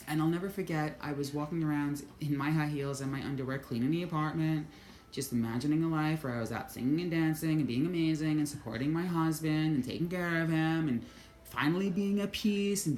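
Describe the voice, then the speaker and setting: Low-voiced woman telling a story bluntly. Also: echoey room. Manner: blunt and profane, swings between hushed and excited. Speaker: vlogger. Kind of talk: casual spiritual storytelling monologue.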